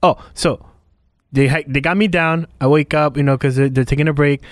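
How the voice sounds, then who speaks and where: A man chatting casually and telling a story with animated outbursts. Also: fairly high pitch, brisk, dry recording, studio quality. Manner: animated storyteller, acts out his own outbursts. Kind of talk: casual chat.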